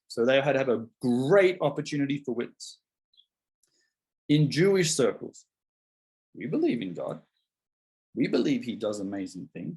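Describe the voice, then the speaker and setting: Husky-voiced man preaching a sermon. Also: mid-range voice. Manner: conversational, animated, acts out voices of biblical figures. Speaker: pastor. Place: church.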